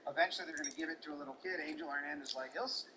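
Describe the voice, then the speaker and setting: A man's voice: on the high side, steady tone, rapid-fire, sharp tone, slight background noise, rough recording. A man giving casual, heated play-by-play of a baseball game, swearing and mocking an umpire. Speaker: baseball commentator.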